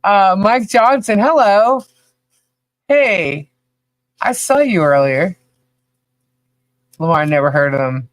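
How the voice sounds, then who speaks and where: Woman co-host of a podcast livestream: loose, joking, slow-paced, dry recording, calls out viewers by name. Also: medium pitch, expressive, no echo. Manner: laughs often, loose and joking; reads out viewer names one by one. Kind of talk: casual livestream chat greeting viewers.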